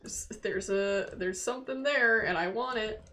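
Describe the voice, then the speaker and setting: A young woman thinks out loud during a casual live stream, her voice bright and crisp. She drifts between half-mumbled asides and trailing ideas as she builds. Faint keyboard and mouse clicks sit under her voice. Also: medium pitch, normal speed, a little hiss or hum. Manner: muses aloud, half-mumbled, trailing thoughts.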